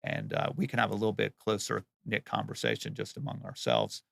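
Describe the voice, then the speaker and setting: A man with a heavily gravelly, somewhat low voice speaks earnestly about his home building work. He talks plainly in casual interview answers and often restarts his words. The sound is dry and close. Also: sing-song, fairly quick, a bit bright, no echo.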